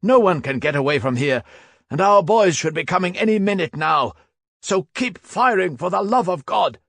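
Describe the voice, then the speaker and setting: A man's voice: high-pitched, expressive, normal speed, gravelly, a bit bright, no echo, pitched above the performer's own voice, exaggerated voice. A man reading an audiobook, voicing a desperate army sergeant who barks orders at his men. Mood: urgent. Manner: barking frantic orders. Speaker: German sergeant. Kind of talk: audiobook narration.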